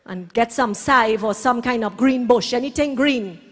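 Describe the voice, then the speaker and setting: A Trinidadian woman doing bawdy live stand-up comedy, brash storytelling with shouted punchlines on a hall stage. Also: fairly high pitch, normal speed.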